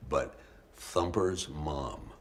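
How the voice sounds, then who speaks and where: An older man, an actor, telling stories in a lively, casual conversation, swearing freely. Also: a bass voice, drawn-out words, vocal fry, slight background noise. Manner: animated storyteller, swears freely.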